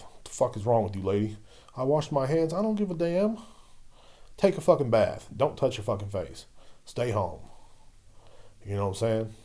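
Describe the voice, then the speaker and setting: A man's voice: on the low side, mellow. A young man ranting casually and profanely, rambling and repeating "you know what I'm saying.". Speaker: vlogger; liquor store worker. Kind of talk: casual rant.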